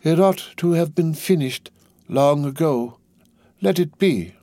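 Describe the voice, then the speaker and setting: A man puts on a frail old doctor, lost in himself, muttering slowly in a thin, raised, faraway voice. The storybook figure sounds withdrawn, his words drawn out and distant. The recording is dry and close. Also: a little high, animated, mellow, dry recording, pitched above the performer's own voice. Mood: dazed. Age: older. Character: frail elderly male doctor, dazed and withdrawn.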